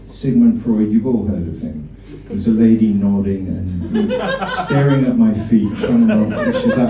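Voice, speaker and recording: A man's voice: lowish voice, expressive, measured pace, lo-fi sound, a crowd in the background. A male stand-up comedian in a comedy club, rambling and teasing the audience. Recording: echoey club from a distance.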